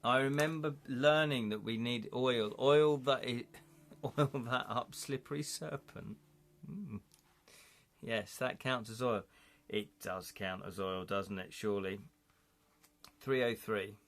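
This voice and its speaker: A man's voice: medium pitch, slow pace, fairly bright tone. A man playing a gamebook live, reading its passages aloud and thinking aloud with his viewers. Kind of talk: live-streamed gamebook play, narration and chat.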